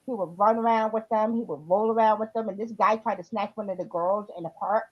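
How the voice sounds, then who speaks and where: A woman's voice: mid-range voice, fairly even intonation, brisk, hardly any pauses. A woman chatting casually on a livestream, rambling a bit with fillers as she tells dog stories. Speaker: livestream co-host. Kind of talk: casual chat. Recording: dull lo-fi audio.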